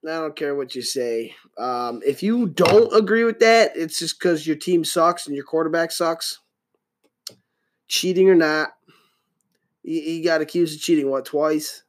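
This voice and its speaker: A man's voice: fairly high pitch, unhurried. A man in his thirties hosting a solo podcast, rambling casually with lots of profanity and jokes. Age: 30s. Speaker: podcast host.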